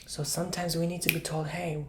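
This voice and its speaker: A man giving a soft-spoken ASMR tarot and coffee cup reading, chatty and rambling, with casual slang and whispered asides. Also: fairly high pitch, fairly even intonation, moderate pace, creaky, a little hiss or hum.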